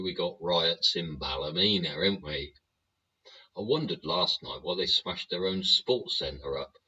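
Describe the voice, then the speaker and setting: Hosting his own show, a man with a deep, bright, slightly rough voice delivers a forceful political rant packed with profanity and tag questions. The sound is dull and lo-fi.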